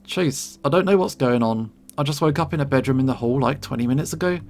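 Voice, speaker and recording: A man voicing a scared, jittery young male beast-man who stammers in panic, with soft music behind. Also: mid-range voice, quick pace, a little hiss or hum, close to an everyday voice. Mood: panicky.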